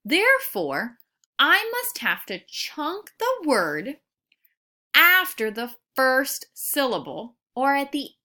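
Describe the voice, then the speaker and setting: A woman teacher giving a recorded phonics lesson to young students, slowly sounding out words and syllables. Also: high voice, wildly swooping pitch, sharp tone.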